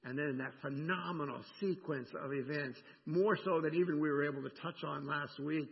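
A man preaching a sermon in a gravelly, somewhat high voice, chatty and animated as he keeps checking in with his listeners. The sound is a little dull, with long reverb from the church sanctuary. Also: normal speed. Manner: animated, conversational preaching with frequent "right?". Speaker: pastor.

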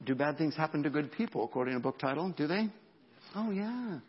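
A man preaching a sermon as a pastor, animated, repeating words and dropping to a whisper for emphasis. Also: on the high side, brisk, husky, lo-fi sound.

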